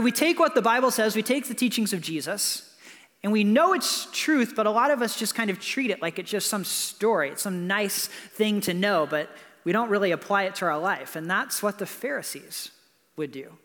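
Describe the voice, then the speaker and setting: Pastor, male, high voice, casual preaching style, long church reverb; keeps checking in with "right?". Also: a bit bright. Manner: conversational preaching with frequent "right?" asides. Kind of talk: sermon. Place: church building.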